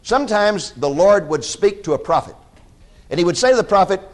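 High-voiced animated male preacher. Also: a little fast. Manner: animated storytelling with dramatized quotes; directs listeners to scripture passages. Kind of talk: sermon.

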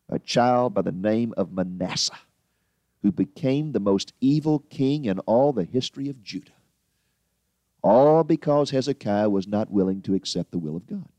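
A man preaching a sermon with emphatic delivery, slowing down to read scripture. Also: a little mellow, no echo. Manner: emphatic, swinging pitch for stress, slows on scripture.

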